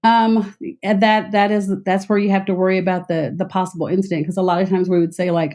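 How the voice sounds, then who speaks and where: A middle-aged woman from Texas with a trace of a Southern accent, speaking in a mellow, lower register. She explains things plainly and in short, concise phrases, like a guest telling stories from her career. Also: steady tone. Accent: light Southern American. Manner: clear, concise, measured explanations. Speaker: interview guest, former air traffic controller. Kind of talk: conversational interview.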